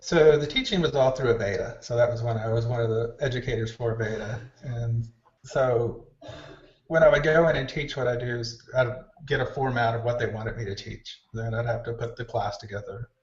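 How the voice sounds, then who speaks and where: A man with a medium-pitched voice talks a little fast as he shares backstage stories in a casual interview, animatedly performing the voices of people he quotes. He's a hair stylist guest, recorded on a distant, roomy mic with dull lo-fi sound.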